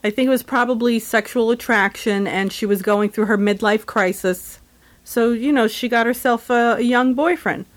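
A woman's voice: on the high side, normal speed. A woman in casual chat who talks bluntly and rants with lots of profanity.

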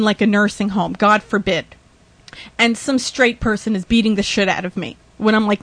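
A woman's voice: a little high, dry recording. A woman hosting a podcast, ranting indignantly with swearing, rambling asides, laughs and sighs. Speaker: podcast host. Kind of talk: ranting monologue.

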